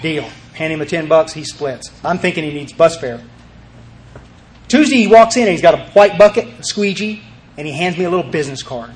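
High-voiced man telling a recovery story. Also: animated, a little fast, slight background noise. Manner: emphatic, rambling, with repeated words and restarts. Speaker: recovery meeting speaker. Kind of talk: storytelling talk to a group.

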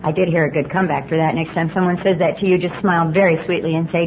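A woman's voice: on the low side, fairly even intonation, quick pace, hardly any pauses. A woman speaking at a recovery meeting, telling her personal story with candid, self-mocking humor. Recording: tinny phone-like line with faint hiss.

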